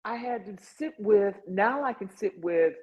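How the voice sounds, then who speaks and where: This woman runs a guided online support group through a video call, and the audio comes across dull and lo-fi. Her mid-range voice is expressive and a bit rough, unfolding at a measured pace. Earnest and chatty, she keeps saying "like" and "you know."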